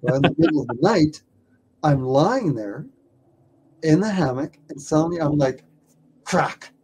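A man who is a documentary filmmaker, telling a story in an interview with lively stammers and repeated words. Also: on the high side, measured pace, a little hiss or hum.

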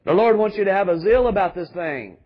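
A man's voice: high-pitched, animated, brisk, muffled recording. A man pastor preaching a sermon with emphatic rhetorical questions and calls to the congregation.

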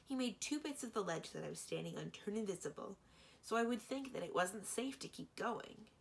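A woman's voice: mid-range voice, animated, fairly quick, gravelly, voice pushed up. A woman voicing an earnest young princess who speaks carefully in a storybook reading. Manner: careful, restrained.

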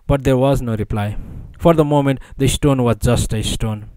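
A man reads an audiobook aloud at a middle pitch, with measured, even storytelling. The recording is dry and close, with no room sound. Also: clear, resonant tone, no room sound, rough recording. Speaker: audiobook narrator. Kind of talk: audiobook narration.

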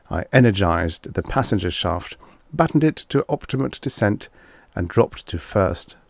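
A man reading a vintage science fiction story aloud as a narrator, in an expressive storytelling manner. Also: on the low side, no echo. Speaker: audiobook narrator.

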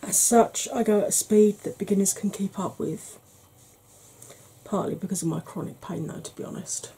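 A woman hosting a soft-spoken ASMR makeup tutorial, chatty and explanatory, sometimes dropping into a whisper. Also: medium pitch, normal speed, slightly rough, rough recording.

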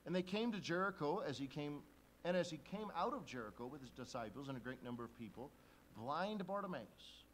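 A man preaching a sermon as a pastor, shifting from quiet, intimate talk to loud emphasis. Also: fairly high pitch, expressive, fairly quick, slight background noise.

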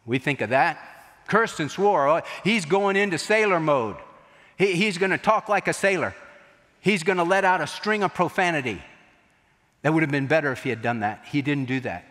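A male pastor preaching with a dramatic storytelling delivery, his voice sitting a little high for a man. A long reverb from a large church sanctuary trails after every phrase. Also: animated, normal speed, a bit bright. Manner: dramatic storytelling, acting out quotes. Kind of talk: sermon.

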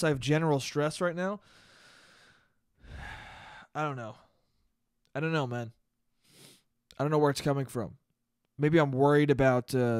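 Young guy, fairly high voice, dry close sound, swears a lot and mocks himself in a loose solo podcast rant. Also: dry recording. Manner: profane, rambling, self-mocking. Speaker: podcast host and comedian. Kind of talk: casual solo podcast monologue.

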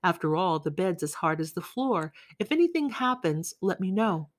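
Uneasy young man, quiet and reassuring, read by a woman, dry audiobook sound. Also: on the low side, sing-song, moderate pace, no echo. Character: young man, uneasy guest in a strange town. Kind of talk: audiobook reading.

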